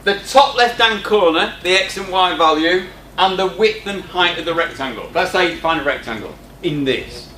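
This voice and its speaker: A man walks through a coding tutorial in a loose, chatty way and drops in joking asides to the class. His voice sits a little higher than most men's. The room is echoey, with a faint hum behind him. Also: animated, moderate pace, hardly any pauses, pushed and bright. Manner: chatty, informal, teasing asides. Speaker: teacher. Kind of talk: screen-recorded coding tutorial. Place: classroom with students present.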